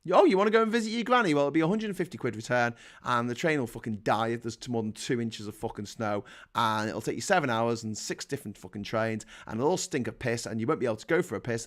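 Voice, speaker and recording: A middle-aged man with a Liverpool accent, hosting a casual livestream, sarcastic and full of swearing as he rants and reads out chat messages. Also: mid-range voice. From England. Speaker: livestream host.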